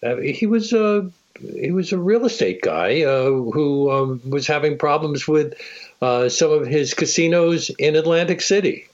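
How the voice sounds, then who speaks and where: A man interviewing a guest on the radio in a measured questioning manner. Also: a little high, animated. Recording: muffled lo-fi radio broadcast.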